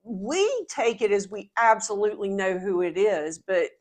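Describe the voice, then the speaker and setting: A woman's voice: medium pitch, very animated, normal speed. Chatty woman leading a Bible study. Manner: chatty, laughs often, many restarts. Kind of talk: casual group Bible discussion.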